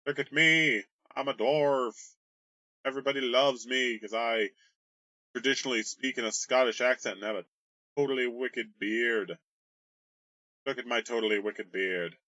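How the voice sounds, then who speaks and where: A man's voice: mid-range voice, moderate pace, long pauses, bright, forceful tone, dry recording, lightly acted. A man doing a boastful bearded dwarf. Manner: boastful, showing off.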